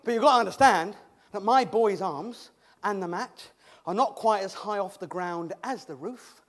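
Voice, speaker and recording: In a comic theatrical monologue, an actor plays a cheerful man who was once lame, stammering and chuckling through his tale. His voice sits high and sounds natural, and he speaks at a moderate pace. The mood is chatty and comic.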